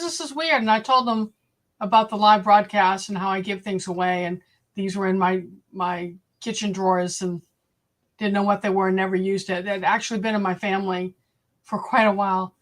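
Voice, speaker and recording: A woman hosting a casual livestream, chatting directly with her viewers. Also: mid-range voice. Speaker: homestead livestream host. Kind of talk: casual live-stream chat.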